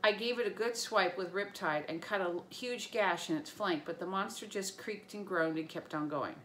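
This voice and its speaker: A woman teacher reading a novel aloud to her students, with lively storytelling and small slips. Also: medium pitch, moderate pace, slight background noise.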